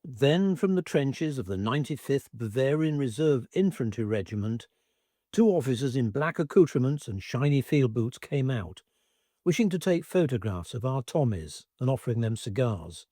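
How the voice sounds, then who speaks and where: A man reading a first-person wartime memoir aloud as scripted narration, in an expressive, measured way. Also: medium pitch, no room sound, studio quality.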